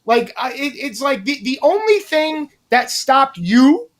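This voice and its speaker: A man's voice: very high voice, sing-song, a little slow, a bit bright. A man from New Jersey, co-hosting a casual podcast, telling stories with lots of profanity and rambling asides.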